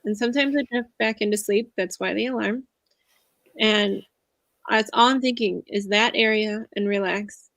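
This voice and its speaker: A woman's voice: mid-range voice, moderate pace, fairly bright tone, no room sound. A woman in her thirties, an empowerment coach talking as a guest in a casual interview over a video call, earnest and reflective, sharing her experience in a confiding way.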